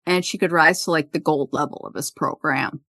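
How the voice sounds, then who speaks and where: A woman's voice: low-pitched, brisk, husky, dry recording. Woman recapping an episode casually. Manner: retells scenes quoting characters, animated. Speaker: podcast host.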